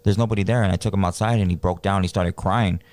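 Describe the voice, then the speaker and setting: A fast-talking man with a low-sitting voice co-hosts a podcast, recorded without any room sound. His storytelling is loose and slangy, and he animatedly acts out whoever he's quoting.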